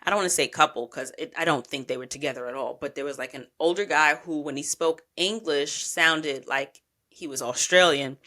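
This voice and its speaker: A woman's voice: low-pitched, brisk, bright, forceful tone. A woman podcast host telling a travel story in a chatty, rambling way, with casual swearing and lots of asides.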